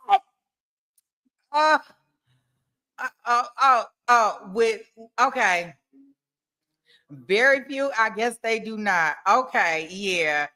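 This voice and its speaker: Bright-voiced playful woman streamer. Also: a little high, animated, takes it slowly, long pauses. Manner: playful, teasing, chatty. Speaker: livestream host. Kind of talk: casual chat with live viewers. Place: home desk.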